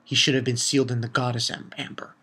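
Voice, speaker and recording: A man giving a casual spoken review of a comic chapter, retelling it excitedly with swearing and lots of fillers. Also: medium pitch, fast talker, breathy edge. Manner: excitable, loose and profane, with many fillers. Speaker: manga reviewer.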